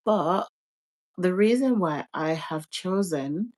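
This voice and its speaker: A Jamaican woman with a somewhat low voice talks casually to her livestream viewers. She explains herself in an animated way, leaning on "like" as she goes. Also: slow pace. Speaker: livestream host. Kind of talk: casual chat.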